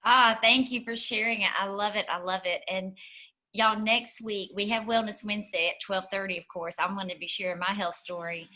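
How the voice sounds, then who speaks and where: Bright, enthusiastic woman host. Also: mid-range voice, fairly even intonation, moderate pace, poor audio. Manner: enthusiastic, warmly promoting. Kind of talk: live online talk show.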